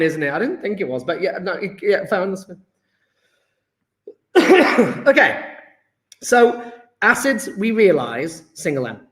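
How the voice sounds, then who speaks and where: Upbeat male chemistry teacher, high voice, echoey room, lively and encouraging. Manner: chatty, enthusiastic, praising students by name. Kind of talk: live online lesson. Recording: roomy echo.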